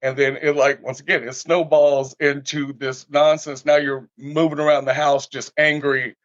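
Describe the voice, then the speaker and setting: A man in a casual podcast conversation, telling stories in an animated way and acting out everyday scenes. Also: a little high, moderate pace, dry recording. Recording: dull lo-fi dry sound.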